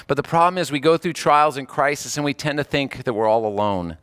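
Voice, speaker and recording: A man preaching a conversational sermon, moving between animated bursts and quiet, hushed passages. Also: mid-range voice, a little fast, hardly any pauses, smooth, no echo, studio quality. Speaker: pastor.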